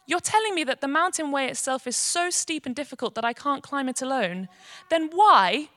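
Woman playing a frightened young woman, high, shrill and loud, dry close sound. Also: no echo. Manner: shrill, panicked pleading.

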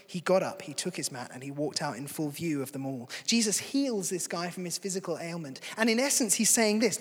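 A man's voice: fairly high pitch, animated, brisk, few pauses, husky. A man preaching a sermon in a conversational, earnest way. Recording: long hall reverb.

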